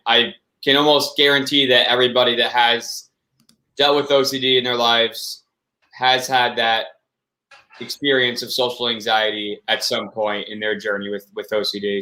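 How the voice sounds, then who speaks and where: A man's voice: on the low side, bright, forceful tone, low-quality recording. A man in his twenties, a guest on a live stream, talking in a modest, earnest way. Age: 20s. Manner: modest, earnest, laughs easily. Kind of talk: casual chat.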